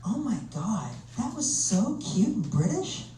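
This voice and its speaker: A man's voice: high-pitched, sing-song, measured pace, warm tone, a little hiss or hum, pitched above the performer's own voice. A man voicing a bubbly young American woman broker who coos and gushes, heard in an echoey club from a distant mic with an audience around. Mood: cooing.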